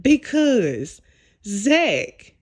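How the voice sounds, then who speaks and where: A woman's voice: on the high side, sing-song, extremely slow, darkish tone, slightly rough. A young adult woman giving a casual recap of a TV episode, retelling scenes and acting out the characters' lines. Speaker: TV show reviewer.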